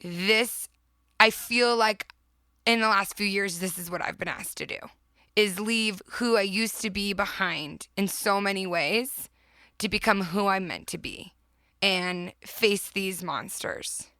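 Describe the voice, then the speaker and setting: A woman's voice: mid-range voice, a little slow, sharp tone, dry recording. A woman in her thirties hosting a motivational podcast, talking earnestly and with emphasis, often laughing. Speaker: podcast host.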